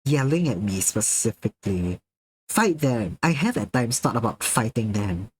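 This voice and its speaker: A man streaming live, chatting casually with his viewers, excitable, swearing freely and laughing often as he reacts to their messages. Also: fairly low pitch, normal speed, a little hiss or hum, low-quality recording.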